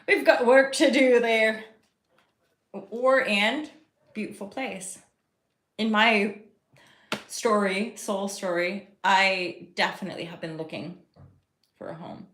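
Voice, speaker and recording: A woman's voice: mid-range voice, slow, long pauses, fairly bright tone. Rambling, chatty tarot-reading woman in an echoey room. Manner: rambling, chatty, spiritual talk to viewers. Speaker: tarot reader and host. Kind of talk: casual live tarot reading. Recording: roomy echo.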